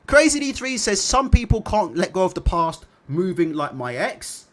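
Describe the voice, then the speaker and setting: A man hosting a casual livestream, reading viewer comments aloud and chatting about them in an animated way. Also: high voice, normal speed, hardly any pauses. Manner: animated, repeats tag questions. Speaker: boxing livestream host.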